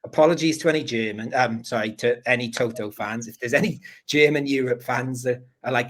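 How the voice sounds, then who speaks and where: A man's voice: mid-range voice, fairly quick, hardly any pauses, fairly bright tone, rough recording. A man hosting a football podcast, telling rambling stories and apologizing a lot in casual chat. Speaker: podcast host.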